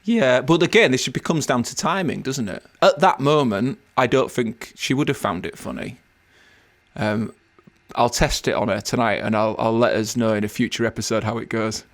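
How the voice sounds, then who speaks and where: A wry English man co-hosting a relaxed podcast. His voice sits at an ordinary middle pitch, and he talks in a self-mocking way. He pokes fun at himself more than at anyone else. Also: normal speed. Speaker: podcast co-host. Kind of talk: casual podcast chat.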